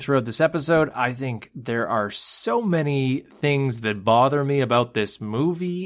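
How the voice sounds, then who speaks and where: A man's voice: fairly high pitch, a bit bright. A man co-hosting a casual movie podcast, opinionated and teasing. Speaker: podcast co-host.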